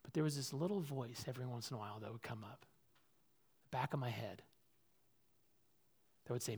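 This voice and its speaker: Preaching as a pastor, this man sounds earnest and personal, moving from loud, high exhortation to quiet, low reflection and back. He talks fairly fast, pauses often, and has a breathy edge to his voice.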